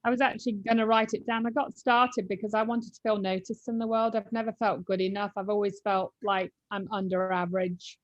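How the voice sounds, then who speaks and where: A woman's voice: mid-range voice, fairly even intonation, brisk, few pauses, lo-fi sound. A woman with an English accent, a participant on an online call, answering hesitantly and candidly. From England. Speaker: caller on the training call.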